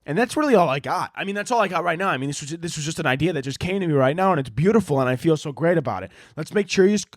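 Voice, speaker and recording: Male podcast host, high-pitched voice, dry close sound, rambling profane comic rants. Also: expressive, rapid-fire, no echo. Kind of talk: comedic rant monologue.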